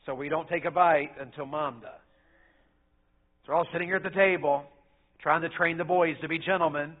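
A middle-aged man, preaching a sermon in a folksy storytelling way that swings between loud and soft. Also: a little high, fairly even intonation, brisk, pauses often. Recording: phone-like narrow sound.

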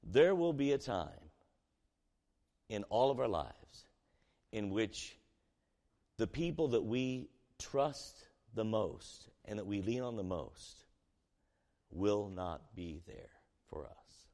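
A man preaching as a pastor, reading scripture and asking the room questions, his voice alternating between quiet reading and loud emphasis. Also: on the low side, animated, slow, long pauses, big-room sound.

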